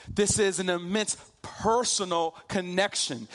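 A man preaching a sermon, slow and emphatic, drawing out key phrases for weight. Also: sits high, animated, a bit bright.

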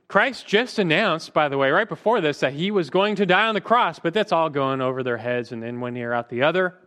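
A man with a slightly high voice leads a Bible class. He speaks earnestly, stopping to put questions to the group and often repeating a word as he goes. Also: a little fast, hardly any pauses, a bit bright. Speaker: Bible teacher.

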